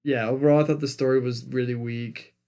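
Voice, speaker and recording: A man's voice: medium pitch, fairly even intonation, fairly quick, dark tone. A man co-hosting a casual movie review podcast, giving blunt, slangy opinions. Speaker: podcast co-host.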